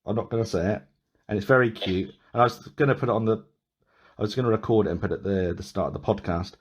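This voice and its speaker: A man hosts a podcast in casual chat, rambling along with frequent restarts and small laughs. His voice sits somewhat low. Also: fast, breathy edge, muffled recording. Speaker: podcast host.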